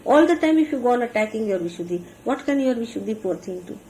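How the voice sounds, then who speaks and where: Talking fast with a fairly high pitch, lively intonation, and a dark tone, a spiritual teacher delivers an earnest sermon. She guides her followers on how to behave, demonstrating each idea with gestures, and the rough archival recording has a faint hiss.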